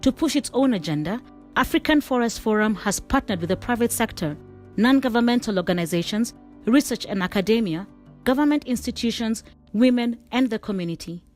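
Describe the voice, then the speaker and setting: A woman giving measured, scripted documentary narration. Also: on the high side, expressive, soft background music.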